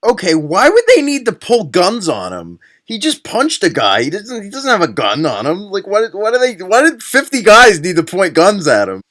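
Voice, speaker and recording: A man's voice: sits high, wildly swooping pitch, moderate pace, few pauses, fairly bright tone. A young man giving a comedic movie-review rant, sarcastic, profane and exasperated. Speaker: film reviewer.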